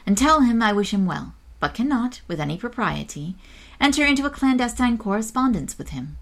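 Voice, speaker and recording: A woman reading aloud and voicing a modest, dutiful young schoolgirl, a little higher than her own voice. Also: sing-song, brisk, gravelly, fairly bright tone, exaggerated voice. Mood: earnest.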